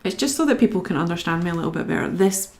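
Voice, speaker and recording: A woman's voice: on the low side, animated, racing, background noise. A young woman from Scotland chatting casually to her live-stream viewers while she colours, reading out their comments and talking to herself as she works.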